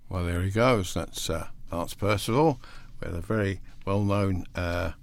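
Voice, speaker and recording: Low-voiced rambling male presenter. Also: a little slow, creaky. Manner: rambling, hesitant, loses his place in his notes; reads facts aloud between asides. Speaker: radio presenter. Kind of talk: casual music show presenting.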